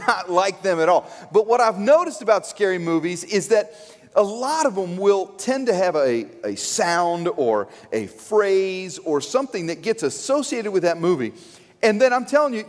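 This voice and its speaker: High-pitched guy preaching, jokey and animated, long church echo. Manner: animated, joking storyteller who acts out quotes. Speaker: pastor. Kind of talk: sermon. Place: church sanctuary. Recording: long church hall reverb.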